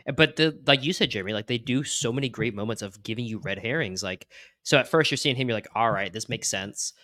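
A man's voice: medium pitch, quick pace, no echo. A man appearing as a podcast guest, chatting casually and retelling scenes and dialogue. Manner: relaxed, lots of likes, retells dialogue. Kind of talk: casual chat.

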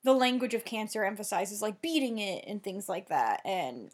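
A woman's voice: medium pitch, animated, breathy edge. A woman co-hosting a casual podcast, chatting through a TV episode and retelling scenes. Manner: chatty, retells scenes with quick quoted lines. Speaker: podcast co-host. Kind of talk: casual chat recapping a TV episode.

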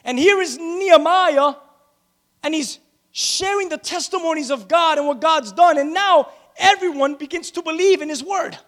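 A man with a strikingly high voice delivers a sermon as pastor of his church. He preaches emphatically, repeating his key phrases to build momentum, then drops into casual, conversational asides to the congregation. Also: normal speed, a bit bright.

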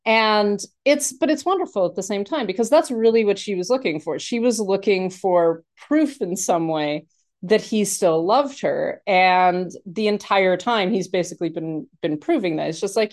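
A woman's voice: mid-range voice, normal speed, a little mellow. A woman in a casual film discussion, talking animatedly with many restarts and fillers.

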